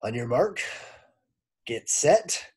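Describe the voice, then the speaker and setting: A man's voice: mid-range voice, sing-song, extremely slow, darkish tone, husky, exaggerated voice. A man voicing a kindly old female schoolteacher, sweet-voiced with a stern edge, in a storybook reading. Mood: sweet, chipper.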